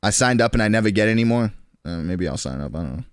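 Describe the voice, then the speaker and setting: A young man in his twenties chatting casually on a stream, slangy and rambling, with quick restarts. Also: lowish voice, animated, dry recording, clean studio sound.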